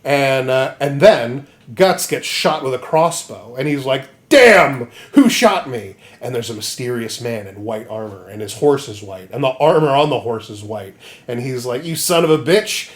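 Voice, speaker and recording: A man co-hosting a comedy podcast, retelling a story with lively jokes and goofy voices. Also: medium pitch, normal speed. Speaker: podcast co-host. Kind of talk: comedic casual chat.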